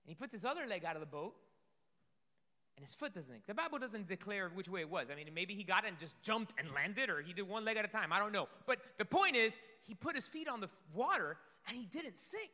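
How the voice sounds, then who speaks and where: A man preaching a sermon to a congregation, lively, swinging between loud emphasis and soft asides. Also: high voice, fairly quick. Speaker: pastor. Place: church sanctuary. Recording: reverberant hall.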